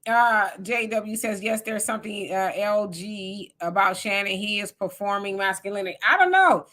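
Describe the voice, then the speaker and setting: Bright-voiced woman co-hosting a livestream. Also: medium pitch, animated, normal speed. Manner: reads viewer comments aloud, chatty and teasing. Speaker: livestream co-host. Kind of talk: casual live-chat commentary.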